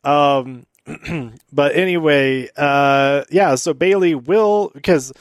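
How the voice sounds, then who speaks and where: A man's voice: fairly high pitch, takes it slowly, no echo, studio quality. A man hosting a casual solo recap, rambling with many fillers and laughing at his own jokes. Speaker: podcast host recapping wrestling.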